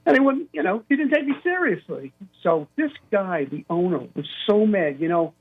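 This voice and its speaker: An older man telling an animated story as a caller to a radio show, acting out the quotes. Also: high voice, normal speed, husky. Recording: tinny phone line.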